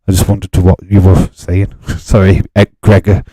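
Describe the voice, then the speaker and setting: A man's voice: low-pitched, little pitch movement, normal speed, mellow, no room sound. A man hosting a live stream, chatting casually with his viewers and arguing with them in an exasperated way, laughing often.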